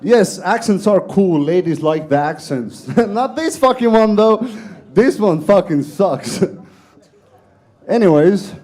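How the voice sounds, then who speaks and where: Young Estonian-accented male comic, deadpan self-mockery, high voice. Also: slow. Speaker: stand-up comedian. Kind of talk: stand-up set. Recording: live comedy club room.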